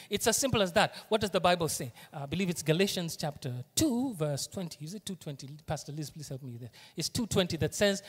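A man with a Kenyan accent preaching a sermon as pastor, animated, moving from hushed asides to loud emphasis. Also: a little high, a little fast, hardly any pauses, breathy edge, in a large hall. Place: church auditorium.

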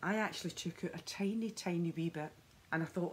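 A woman's voice: fairly low pitch, fairly quick, slight background noise. A woman vlogging a skincare demonstration at home, chatty and enthusiastic as she talks straight to her viewers on the camera mic. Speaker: beauty vlogger.

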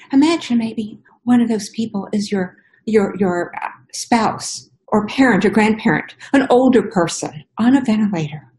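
A woman's voice: mid-range voice, darkish tone, rough recording. A middle-aged woman from Indiana giving an emotional, impassioned testimony, her voice pleading and at times breaking.

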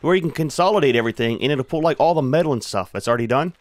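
A man's voice: mid-range voice, animated, rapid-fire, no echo. A man hosting a gaming channel, giving casual commentary as he plays and chatting to his creatures in a laid-back way.

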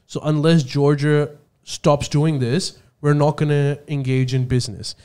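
A man co-hosting a podcast, explaining politics in a halting, filler-heavy way. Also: fairly high pitch, steady tone, darkish tone, smooth. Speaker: podcast co-host.

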